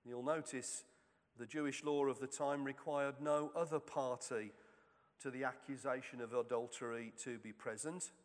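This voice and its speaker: A man giving a sermon reflection, reading in a slow, measured way with long pauses. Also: mid-range voice, steady tone, big-room sound. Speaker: preacher.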